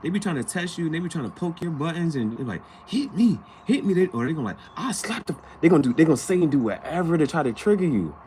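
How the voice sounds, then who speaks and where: A man's voice: fairly high pitch, very fast, hardly any pauses, slight background noise. A man vlogging in a casual, slangy storytelling chat, acting out the people he talks about. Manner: animated, slangy, acts out quoted people.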